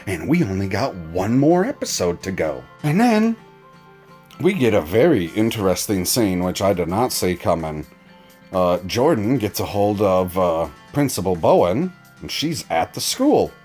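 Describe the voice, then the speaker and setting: A man's voice: fairly low pitch, very animated, normal speed, darkish tone, faint music behind. A man giving a casual, profane and mocking recap of a TV episode as a reaction reviewer.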